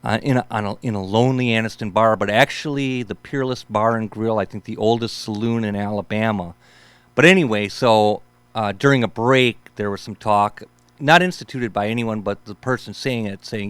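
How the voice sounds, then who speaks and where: Man in his 50s, low voice, smooth and resonant, dry close sound, laid-back rambling host. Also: moderate pace, a bit bright, no room sound. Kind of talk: rambling casual storytelling.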